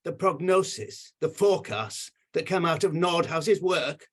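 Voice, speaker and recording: A man's voice: a little high, animated, a little slow. An older man on a video call giving emotional, indignant remarks with emphatic repetition. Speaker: panel commenter.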